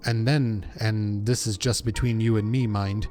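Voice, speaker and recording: A man reading as a gruff, blunt mercenary officer. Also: fairly low pitch, steady tone, measured pace, darkish tone, lightly acted. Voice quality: rough working-class dialect as written. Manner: plain read-aloud delivery.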